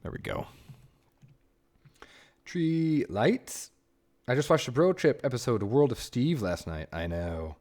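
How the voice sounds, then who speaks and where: A man's voice: mid-range voice, big pitch swings, brisk, hardly any pauses, a little mellow. A man streaming a building game, chatting casually with viewers and muttering to himself in a self-mocking way. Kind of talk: casual livestream chat while building.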